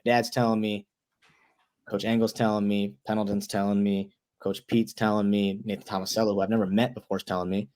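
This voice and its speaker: A young man in his twenties, a guest on an interview show, telling a story in a loose, animated way, restarting words and leaning on "like". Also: lowish voice, fairly quick. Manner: animated storyteller, acts out quoted voices.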